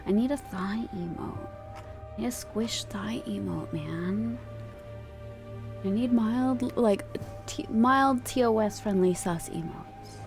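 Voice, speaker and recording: A woman streaming live and chatting casually. She rambles from one thing to the next with light laughter, at a mid pitch. Faint music plays behind her. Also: slow. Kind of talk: casual chat.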